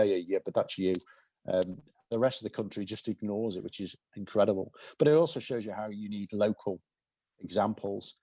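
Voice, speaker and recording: English man in his fifties as the guest speaker, low voice, dry sound, thoughtful with halting restarts. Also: mellow, dry recording. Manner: thoughtful, halting restarts, plain-spoken analogies. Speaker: invited guest, cycling commissioner. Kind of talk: conversational Q&A answers. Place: college event hall.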